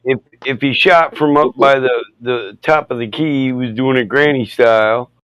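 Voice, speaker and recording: A man chatting casually on a podcast, telling rowdy stories, swearing often and acting out quoted people loudly. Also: mid-range voice, normal speed, clean tone, no echo, lo-fi sound. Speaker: podcast host. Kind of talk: casual chat, storytelling.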